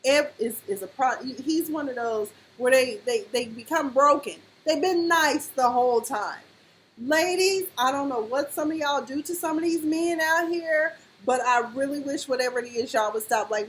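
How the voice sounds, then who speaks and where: A woman's voice: high-pitched, moderate pace, fairly bright tone, a little hiss or hum, poor audio. A woman casually reviewing a TV episode, animatedly acting out the characters' lines as she retells the scenes. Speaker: TV recap vlogger.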